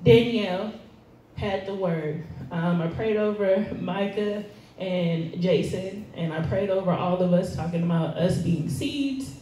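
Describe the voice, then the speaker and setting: A woman gives a casual sermon, chatty and self-deprecating, with laughs sprinkled through. She speaks at an unhurried pace, heard from a distance. The church hall rings with heavy echo. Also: mid-range voice, warm tone, a little hiss or hum. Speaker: guest speaker. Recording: echoey hall, recorded from afar.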